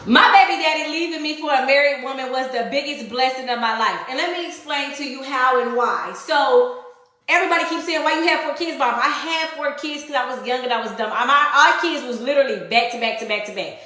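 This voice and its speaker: A woman's voice: high-pitched, fairly quick, sharp tone, heavy reverb. A woman telling a personal story in casual storytime style, blunt and full of profanity, acting out the voices of the people in it.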